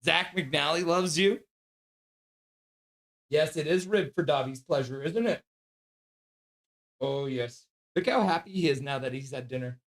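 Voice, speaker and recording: A man's voice: on the high side, measured pace, long pauses. A man hosting a live fan stream, calling the game play by play at home, crying out at big plays and cooing in baby talk at his dog in between. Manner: excitable, cries out at big plays. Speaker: livestream host calling the game.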